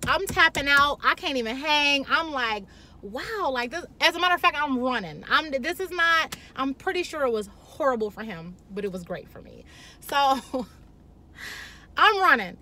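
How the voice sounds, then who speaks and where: Bright, brash woman vlogger. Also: high-pitched, normal speed. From Chicago. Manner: blunt, profane, animated. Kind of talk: candid storytelling to camera.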